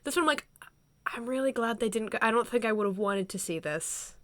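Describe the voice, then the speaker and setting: A woman's voice: on the high side, fairly quick, dry recording. A woman co-hosting a podcast, musing casually with frequent "like" as she thinks aloud. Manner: thoughtful, hedging with "like". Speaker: podcast co-host. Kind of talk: casual chat.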